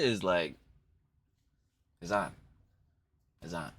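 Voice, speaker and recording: A man hosting a casual reaction stream, animated and profane, repeating himself for emphasis. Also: medium pitch, moderate pace.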